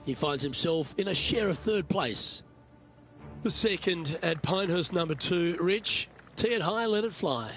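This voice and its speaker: A man delivering measured, polished play-by-play golf commentary in a studio. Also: high-pitched, animated, a bit bright, faint music behind.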